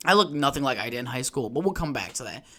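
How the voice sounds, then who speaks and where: A young man talks alone into his podcast mic at home, rambling through his story with plenty of swearing. His delivery is loose, conversational and unscripted, with an ordinary middle pitch. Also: lively intonation, quick pace, sharp tone. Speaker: podcast host. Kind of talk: solo casual podcast rant. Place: at home by a window.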